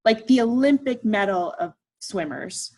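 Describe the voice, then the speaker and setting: A middle-aged woman artist speaks to a live audience. She tells a personal story with humor and self-deprecation. She keeps it lively, slipping into the voices of the people in it, with a voice in the middle of the usual range. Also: mid-range voice, a little slow. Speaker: artist giving a talk.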